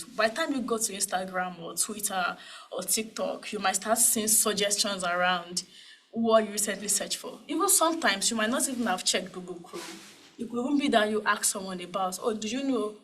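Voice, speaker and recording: A woman's voice: medium pitch, a bit bright, low-quality recording. A woman with a Nigerian accent speaking at a cybersecurity panel, conversational and full of tag questions and fillers. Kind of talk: conference talk.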